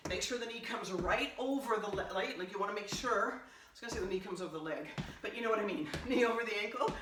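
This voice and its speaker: A woman leads a home workout with upbeat coaching cues and countdowns, sometimes out of breath. Her voice is mid-pitched and stands a few steps back from the mic. The room is echoey and there is a clear hiss of noise. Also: fast. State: out of breath at times. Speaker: fitness instructor. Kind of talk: workout instruction. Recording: roomy, distant, noisy home recording.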